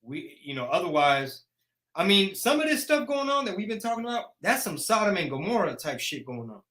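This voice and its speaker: Guy in his 40s ranting on a live show, bright punchy voice, kinda high. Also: very animated, fairly quick. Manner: brash, joking rant. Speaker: host. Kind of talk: casual live chat.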